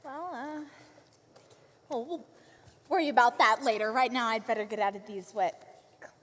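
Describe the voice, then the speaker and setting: A woman's voice: a little high, normal speed, a bit bright, in a large hall. A woman playing a brash, bubbly young princess in a live stage musical, eager and flustered. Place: theater stage. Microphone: far camera.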